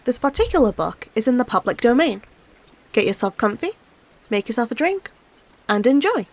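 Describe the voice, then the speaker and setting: Woman audiobook narrator, expressive storybook read, lively and a touch high. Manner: expressive, animated reading. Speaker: audiobook reader.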